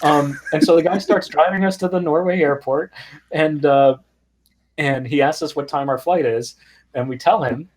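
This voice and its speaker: A middle-aged man, a guest in an interview, telling anecdotes in an animated, conversational way. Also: a little high, normal speed. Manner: animated anecdotes with quoted voices and laughs. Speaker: guest, music startup founder. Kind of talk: conversational storytelling.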